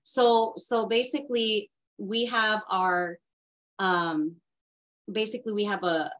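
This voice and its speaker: A woman speaks earnestly over a video call in a casual group discussion. She often stops, restarts and fills gaps with "um" and "like" as she feels her way through her thoughts, at an ordinary, middle pitch for a woman. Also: fairly even intonation, fairly bright tone, rough recording. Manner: halting, many restarts and fillers, earnest. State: getting emotional. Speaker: workshop participant.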